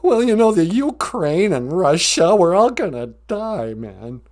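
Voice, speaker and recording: A man's voice: high voice, very animated, a little slow, darkish tone, pitched above the performer's own voice. A man voicing a jittery, very old male lion who frets and whines, tacking "man" onto his lines. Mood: panicky. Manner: frantic, whiny, keeps saying "man". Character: jittery ancient male lion, panicky worrier.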